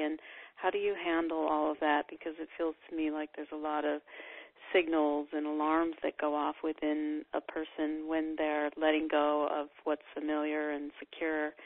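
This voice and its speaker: A woman radio host asking an interview guest calm, measured questions. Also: sits low, no room sound. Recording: tinny phone line, dry.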